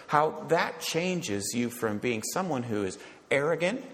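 A man's voice: fairly high pitch, very animated, unhurried. A male pastor giving an emphatic sermon, often asking rhetorical questions and checking in with "okay?". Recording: long reverb of a large hall.

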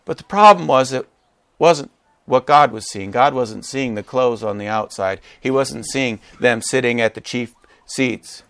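A fairly high-voiced man gives a lively sermon to a live congregation, joking as he goes. He acts out quotes with sudden leaps in pitch. The recording is dry and close, with little room sound. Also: dry recording. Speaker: pastor. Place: church gathering with a live congregation.

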